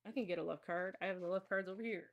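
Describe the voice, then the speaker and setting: A woman's voice: fairly low pitch, fairly even intonation, very fast, muffled recording. A woman hosting a live stream of card and pendulum readings, talking casually to viewers in a rambling way with many fillers and restarts.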